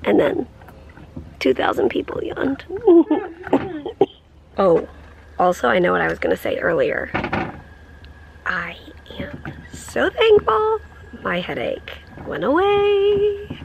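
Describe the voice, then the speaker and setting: A woman's voice: medium pitch, creaky, slight background noise. A woman in her thirties chatting casually in a home vlog, laughing easily as she talks. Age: 30s. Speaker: vlogger.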